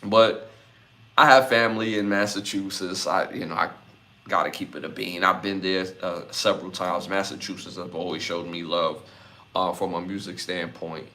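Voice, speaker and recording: A man's voice: low-pitched, fairly even intonation, moderate pace, bright, forceful tone. A man from Brooklyn, hosting a live podcast, reading out chat comments and repeating his lists. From Brooklyn, New York. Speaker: podcast host.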